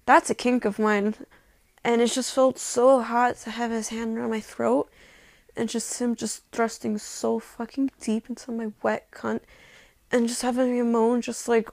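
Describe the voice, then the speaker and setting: Young woman, fairly high voice, dry close sound, unscripted racy storyteller with lots of "like" and swearing. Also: a little mellow, dry recording.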